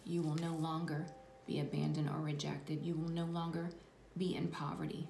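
A woman gives a spiritual tarot reading in a soft, reassuring voice that often sinks to a whisper. Her tone sits low and carries a gravelly fry. She sounds distant from the mic in an echoey room, with steady noise behind her. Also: moderate pace. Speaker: tarot reader.

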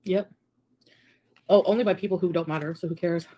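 A woman's voice: lowish voice, fairly even intonation, brisk, warm tone. A young adult woman on a casual livestream, reading viewer comments aloud and adding sarcastic asides.

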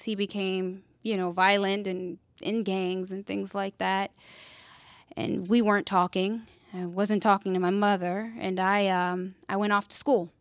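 A young woman telling a personal story in an earnest, conversational way, dropping quiet on painful memories and lifting when she acts out scenes. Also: dry recording. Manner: earnest, conversational, with fillers and rhetorical "right?"; drops quiet and low on painful memories, lifts for animated retelling. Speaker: speaker sharing her story.

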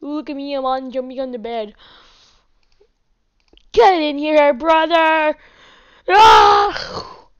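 A woman's voice: on the high side, clear, resonant tone. A woman hosting casual gameplay commentary from home, chatty and giggly, chatting to her pets along the way. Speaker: gaming channel host. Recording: dull lo-fi mic.

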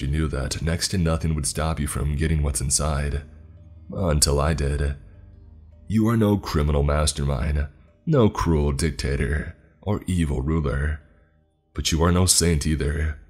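A man voicing a cold, taunting skeleton, very deep. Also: fairly even intonation, unhurried, a little mellow, faint music behind. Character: ancient menacing male skeleton spirit. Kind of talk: scripted horror story narration.

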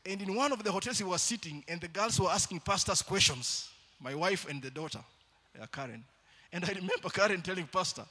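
A man preaching a sermon in church, shifting between loud calls to the congregation and quieter storytelling. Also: high voice, a little fast.

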